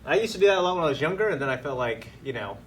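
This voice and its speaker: A man co-hosting a casual reaction chat, excitable and rambling, full of "you know"s. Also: a little high, rapid-fire, slight background noise. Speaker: show co-host.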